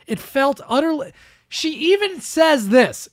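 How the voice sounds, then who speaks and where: A man's voice: sits high, lively intonation, a little fast, a bit bright, no room sound, studio quality. A man hosting a podcast, ranting sarcastically about the news in casual chat. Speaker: podcast host. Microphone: close studio mic.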